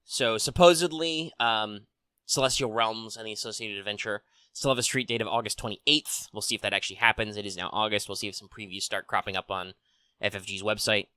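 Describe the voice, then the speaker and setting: Rambling casual man, bright clear voice. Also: on the low side, fairly even intonation, a little fast, dry recording. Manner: rambling, frequent ums and restarts, swears casually. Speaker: tabletop RPG news host. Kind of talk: casual solo chat. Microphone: desk mic on arm.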